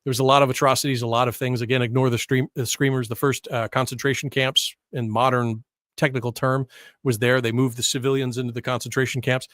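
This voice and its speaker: A man's voice: mid-range voice, flat delivery, fast talker, a bit bright, no echo, clean studio sound. An American man presenting history in a casual lecture over slides, chatty and full of tag questions and restarts.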